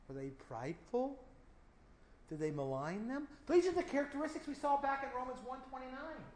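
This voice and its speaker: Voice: high voice, lively intonation, fairly quick, darkish tone, echoey room, slight background noise, poor audio. A Bible teacher preaching a verse-by-verse sermon, emphatic and full of rhetorical questions.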